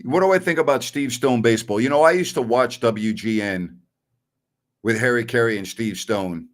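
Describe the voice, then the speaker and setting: A man's voice: mid-range voice, normal speed. A middle-aged man hosting a sports talk stream, answering viewer messages bluntly and with strong opinions. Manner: blunt and opinionated, scoffs at callers.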